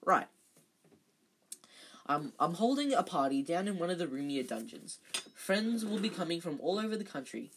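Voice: mid-range voice, big pitch swings, moderate pace, long pauses, a little hiss or hum, close to an everyday voice. A reader voicing an old male ghost who speaks eagerly and formally. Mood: dignified.

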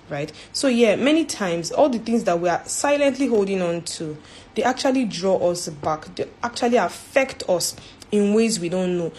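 A woman's voice: medium pitch, animated, moderate pace, a little mellow, slight background noise. A woman giving an informal faith talk as a church speaker, earnest, repeating herself and ending points with "right?".

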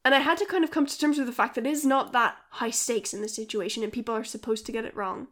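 A woman's voice: on the high side, steady tone, fast talker, fairly bright tone. A woman who creates and writes a podcast, chatting casually and rambling with many fillers as she answers listener questions.

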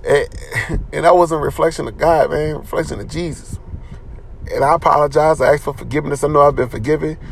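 A man's voice: a little high, fairly even intonation, fast talker, creaky, a little hiss or hum. A man giving an informal sermon in an earnest, conversational way, with slang and lots of repetition. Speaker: preacher.

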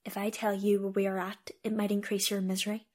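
A woman's voice: mid-range voice, level tone, a little fast, darkish tone. A woman podcast host performing a comedy sketch as a tour guide, theatrical and mock-indignant.

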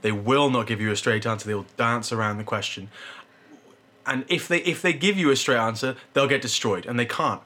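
A man's voice: mid-range voice, brisk, pushed and bright. Young guy ranting, opinionated, casual chat.

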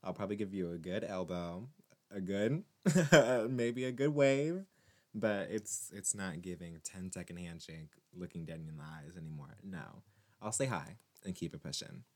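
A man vlogging to his viewers in a casual monologue, animated and teasing, rambling with many restarts. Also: sits low, moderate pace.

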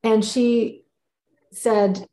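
A woman's voice: a little high, fairly even intonation, very slow, warm tone. A woman co-hosting a casual chat, telling a story with feeling and often restarting her phrases. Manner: emotional, repeats and restarts phrases. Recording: roomy echo.

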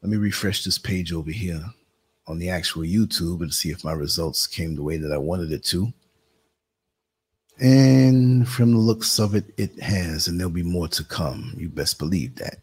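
A man with a New York accent and a deep, husky, steady voice hosts a casual live stream at normal speed over a computer streaming setup. He chats conversationally with viewers and mutters asides while working the computer.

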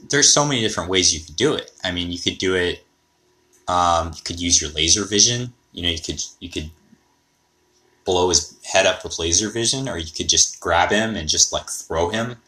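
A man's voice: low voice, sharp tone. A man hosting a podcast, rambling and thinking aloud in a casual monologue. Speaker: podcast host.

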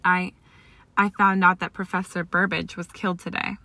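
A woman reading an earnest, remorseful young witch who pleads haltingly, in a storybook reading. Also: on the low side, fairly even intonation, gravelly, a bit bright. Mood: pleading.

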